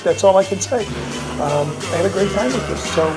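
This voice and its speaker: A man's voice: sits high, lively intonation, fairly quick, loud music behind the voice. A man reviewing a film in a casual way, rambling with many fillers and restarts and chuckling now and then. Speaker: movie reviewer.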